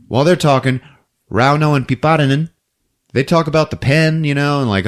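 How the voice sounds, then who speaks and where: A man hosting a podcast who recaps a movie in a casual, animated storytelling way. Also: fairly high pitch, fairly quick. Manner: animated storytelling, acting out scenes. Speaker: podcast host.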